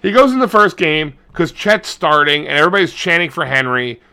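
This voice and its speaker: Bright-voiced man, crude rambling storyteller. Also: fairly high pitch, big pitch swings, fairly quick, smooth. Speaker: podcast co-host. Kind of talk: casual chat.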